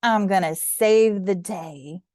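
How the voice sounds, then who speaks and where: A woman's voice: mid-range voice, slow pace, darkish tone, dry recording, studio quality, natural voice. A woman voicing a young, eager and determined girl in a storybook reading, earnest and bouncy.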